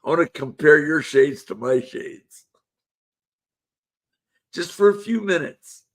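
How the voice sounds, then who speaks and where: A man's voice: fairly high pitch, animated, slow, fairly bright tone. A man hosting a casual live-stream panel show, laid-back and chuckling as he coaxes guests to join. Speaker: livestream show host.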